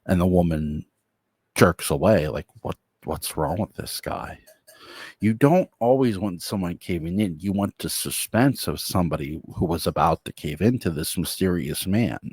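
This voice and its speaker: A man's voice: deep voice, expressive, moderate pace, a little mellow, slightly rough, no room sound. A man casually retelling an imagined episode of a show as a fan, rambling with restarts and chuckles.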